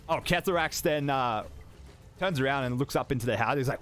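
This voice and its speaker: A man narrating as game master, with animated delivery and sound effects. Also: medium pitch, brisk, soft background music.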